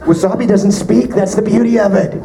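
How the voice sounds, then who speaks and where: A Canadian voice actor answering fan questions at a convention panel, joking with quick asides. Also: male voice, sits high, steady tone, creaky, mellow, poor audio. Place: convention panel room with audience. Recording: live room with crowd noise.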